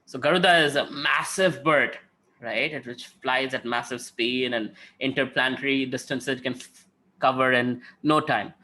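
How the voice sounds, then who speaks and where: A man's voice: mid-range voice, fairly even intonation, moderate pace, bright, forceful tone. A man giving a conversational devotional talk, telling stories and often checking in with "right?". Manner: conversational, frequent "right?" tags, acts out quotes. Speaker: spiritual speaker.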